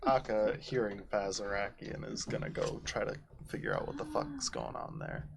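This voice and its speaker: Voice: mid-range voice, huge pitch swings, normal speed, gravelly, slight background noise. A player at a tabletop game, speaking hesitantly and thinking aloud about what their character does. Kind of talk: casual tabletop play.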